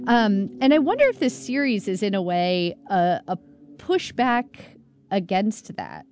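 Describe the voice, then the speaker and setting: Measured woman interviewer. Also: mid-range voice, very animated, music in the background. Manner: measured, builds long questions. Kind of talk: interview questions.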